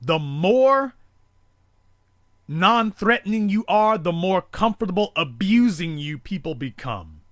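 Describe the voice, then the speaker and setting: A man holds forth as a talk-show host, his voice pitched high and swinging widely as he hammers each point home. The tone is bright and forceful, recorded dry and close with no room around it. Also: big pitch swings, slow pace, no room sound. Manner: forceful, rhetorical, repetitive emphasis. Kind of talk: impassioned call-in show monologue.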